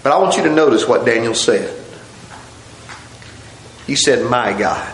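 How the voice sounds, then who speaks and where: A man's voice: medium pitch, lively intonation, a little slow, echoey room, a little hiss or hum, rough recording. A man preaching a sermon, telling the story dramatically and acting out the scenes.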